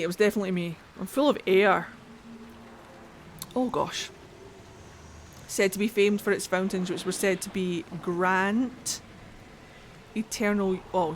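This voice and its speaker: A young woman at her home streaming setup, close on the mic, reading fantasy lore aloud in a middle-pitched voice. She breaks off into playful, self-mocking asides and trips over odd names. A faint hum of room ambience sits underneath. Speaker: game streamer. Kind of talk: live-streamed gameplay, reading in-game text aloud.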